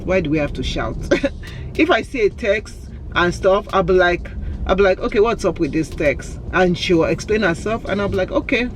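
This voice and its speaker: A woman's voice: on the low side, normal speed, a little hiss or hum. Chatty woman vlogger. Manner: chatty and candid, laughs often. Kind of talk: casual Q&A vlog.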